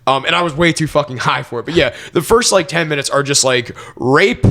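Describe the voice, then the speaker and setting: A man's voice: a little high, quick pace, gravelly, bright, forceful tone. A young man co-hosting a podcast, telling loose, profane stories with lots of fillers in casual chat. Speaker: podcast co-host.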